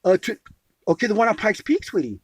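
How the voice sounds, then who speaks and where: A man's voice: high voice, very animated, brisk, slightly rough, dry recording. A man telling a long grievance in an agitated phone conversation, emphatic, restarting phrases and calling the listener sweetie. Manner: emphatic, repeats words and calls the listener sweetie. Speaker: caller telling his grievance.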